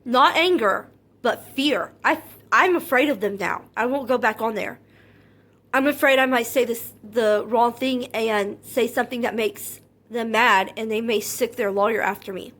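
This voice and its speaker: A woman vlogger with a fairly high voice speaks directly to her audience in an earnest, personal monologue. She stays calm and measured, never loud, yet an anxious, hurt edge runs through her words, and she circles back to repeat her points. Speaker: content creator.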